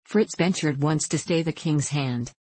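Low-voiced woman narrating an audiobook. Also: husky, no room sound. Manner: measured, even storytelling. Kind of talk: scripted narration of a classic novel.

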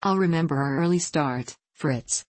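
A woman's voice: sits low, normal speed, no room sound. Jovial young king, read by a woman. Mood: hearty. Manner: hearty, laughing.

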